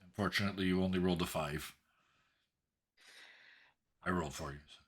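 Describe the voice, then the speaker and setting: A man playing a tabletop game in relaxed, casual chat, laughing often. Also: low-pitched, a little fast, husky. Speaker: player.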